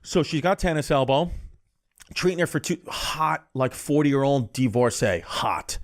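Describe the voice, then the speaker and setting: A man's voice: medium pitch, expressive, measured pace. Rambling man telling a crude story. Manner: rambling storyteller, quoting people with 'he goes'; swearing, blunt. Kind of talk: casual anecdote telling.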